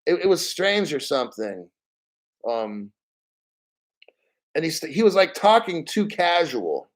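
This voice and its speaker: A man's voice: on the high side, sing-song, unhurried, poor audio. A man hosting a casual crypto stream, rambling bluntly and swearing freely. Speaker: crypto show host. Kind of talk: casual live-stream rant.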